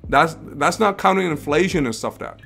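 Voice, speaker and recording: A man's voice: fairly high pitch, animated, moderate pace, creaky, a bit bright, soft background music. A man hosting an investing livestream in a casual, rambling way, with restarts and rhetorical questions. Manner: rambling, repeats phrases, asks rhetorical questions.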